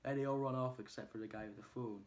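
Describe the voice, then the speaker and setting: A man's voice: mid-range voice, fairly even intonation, fast talker. A man casually retelling a film plot, hesitating often with ums and uhs. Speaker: movie reviewer.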